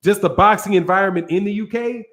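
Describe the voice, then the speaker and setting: A man's voice: high voice, fast talker, a bit bright. An American man hosting a boxing channel, ranting in a casual, profane, slangy way with plenty of rambling and restarts. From United States.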